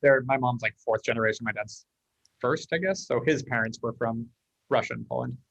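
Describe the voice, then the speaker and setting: Brief: American male guest, rapid anecdotal delivery, slightly dull recording. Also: medium pitch, vocal fry, no room sound. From United States. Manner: fast, animated storyteller acting out dialogue. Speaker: guest, company leader. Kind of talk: casual interview talk.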